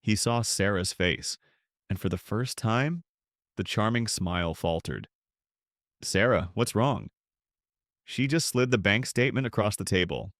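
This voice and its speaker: A man's voice: fairly low pitch, lively intonation, normal speed, fairly bright tone, no room sound, studio quality. An older man narrating a tense first-person drama in a clipped storytelling voice.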